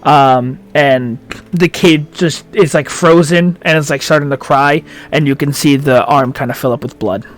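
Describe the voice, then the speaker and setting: Male game master, a bit higher voice, halting narration. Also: steady tone. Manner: halting, many fillers.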